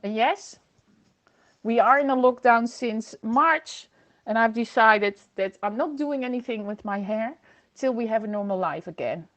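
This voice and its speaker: Woman host, high voice, chatty livestream talk into a computer mic, reads out viewer comments. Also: measured pace, fairly bright tone. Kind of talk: casual livestream chat. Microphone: computer microphone.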